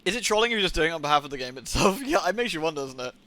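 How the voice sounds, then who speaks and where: A man's voice: on the high side, big pitch swings, racing, pushed and bright. A young adult man chatting casually on a live gaming stream, rambling and swearing, with rants of disbelief. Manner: rambling and profane, incredulous rants.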